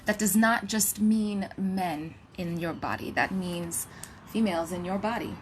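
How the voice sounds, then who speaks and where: A woman's voice: mid-range voice, measured pace, slight background noise. Reverent woman channeling spiritual gratitude. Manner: reverent, litany-like gratitude with playful asides; drops to a hushed whisper at times.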